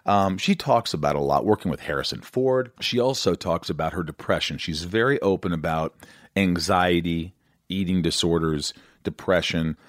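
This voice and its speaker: Amped up guy in his 40s hosting a podcast, deep voice, dry close mic. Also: normal speed, no room sound. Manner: animated, self-described amped up, rambling. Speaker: podcast host. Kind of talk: casual podcast chat.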